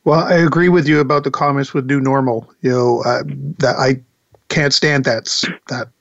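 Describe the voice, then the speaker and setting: A man's voice: mid-range voice, moderate pace, no echo, muffled recording. Easygoing man hosting an interview. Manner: relaxed, laughs easily, lots of "you know". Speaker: podcast host. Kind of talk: casual interview.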